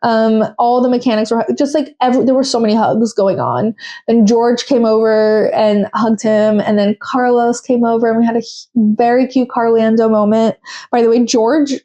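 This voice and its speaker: A woman's voice: fairly high pitch, steady tone, normal speed, warm tone, muffled recording. A young woman hosting a podcast, chatting casually and with strong opinions, full of fillers. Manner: chatty, opinionated, with frequent fillers and quoted voices. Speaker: podcast host. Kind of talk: casual solo recap chat.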